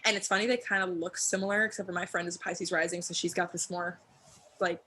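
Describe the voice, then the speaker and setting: Bright-voiced woman podcast co-host. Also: lowish voice, steady tone, quick pace, a little hiss or hum. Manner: chatty, quotes people in put-on voices. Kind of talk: casual recap chat.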